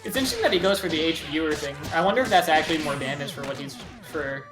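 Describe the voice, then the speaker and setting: A man's voice: fairly high pitch, big pitch swings, racing, reverberant, music in the background. A man casually commentating a fighting game tournament, rambling with lots of fillers.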